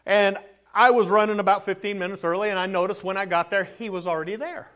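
Male pastor, sermon delivery, very high pitch, earnest, repeats himself. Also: steady tone, quick pace, a bit bright. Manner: earnest preaching, often restarts and repeats words.

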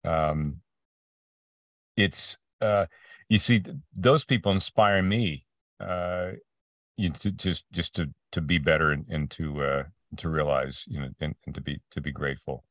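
A man's voice: extremely low pitch, fairly even intonation, a little slow, no room sound, clean studio sound, distant mic. A man being interviewed about his voice acting career, telling stories with many restarts and acting out the people he quotes. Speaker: voice actor guest. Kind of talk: casual interview conversation.

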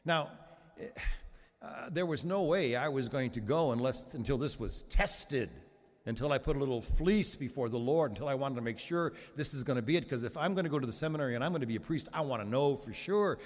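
A man's voice: medium pitch, long reverb tail. A Catholic priest in his seventies giving a sermon in a conversational, humorous storytelling manner, with frequent restarts.

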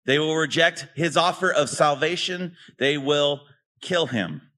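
A man preaching a sermon in a relaxed, conversational way, often tossing rhetorical questions to his listeners. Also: a little high, measured pace. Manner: casual, asks rhetorical questions. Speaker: pastor.

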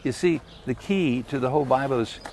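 A man's voice: medium pitch, brisk, darkish tone, a little hiss or hum. A man preaching a sermon in a folksy, emphatic way, often putting questions to the congregation.

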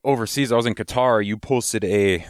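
A man's voice: on the low side, moderate pace, no room sound, clean studio sound. A man from Wisconsin, a guest in a casual interview, talking at length and laughing along.

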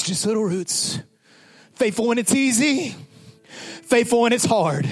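Impassioned high-voiced male preacher. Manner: impassioned, swings from shouting to hushed whispers, repetitive chanting. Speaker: pastor. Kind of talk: sermon.

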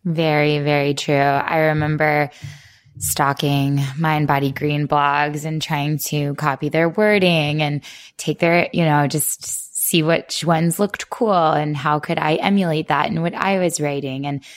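A woman's voice: low-pitched, steady tone, unhurried. A woman co-hosting a podcast, chatting in a reflective, casual way. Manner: chatty, reflective, many likes and restarts. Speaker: podcast co-host.

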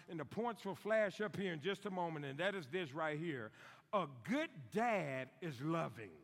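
A middle-aged man preaching a sermon in a church, emphatic and repeating key lines slowly for stress. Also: high voice, fairly bright tone. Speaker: guest preacher on fathering. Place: church sanctuary. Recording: long hall reverb.

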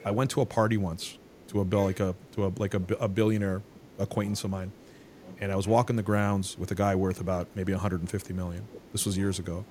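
A man hosting a podcast who talks in a halting way and restarts his sentences. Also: low voice, flat delivery, a little mellow, a little hiss or hum. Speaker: podcast host. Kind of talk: casual interview conversation.

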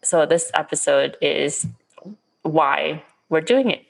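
A woman's voice: low-pitched, slow, gravelly. A woman co-hosting a casual podcast, upbeat and chatty with lots of fillers. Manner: upbeat, laughs often, many fillers. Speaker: podcast co-host.

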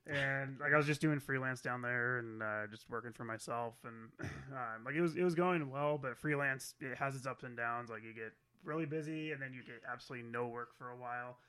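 A man from Spokane, a photographer, chatting casually on a podcast in a halting way and clearing his throat often. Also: medium pitch, bright, forceful tone. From Spokane, Washington.

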